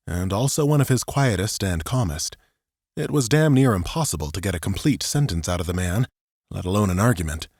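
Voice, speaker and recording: A man reading a science fiction audiobook as narrator, in a steady storytelling manner. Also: deep voice, no room sound, studio quality.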